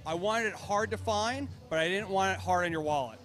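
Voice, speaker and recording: A man's voice: high-pitched, fairly quick, fairly bright tone. A man founding a vodka brand, talking casually in an interview and laughing often. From United States. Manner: enthusiastic, laughs often, repeats words.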